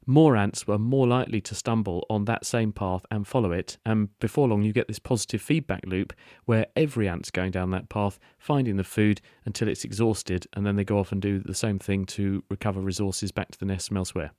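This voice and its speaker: A man with a lowish voice explains science on a call-in radio show. He talks fluently and builds his answers step by step with homely analogies. The studio sound is close and dry. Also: a little fast, few pauses, dark tone, dry recording. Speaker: radio science expert answering listener questions.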